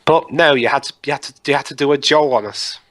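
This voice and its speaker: A man's voice: mid-range voice, fast, a bit bright. A young man joking sarcastically while co-hosting a casual movie commentary. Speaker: commentary co-host.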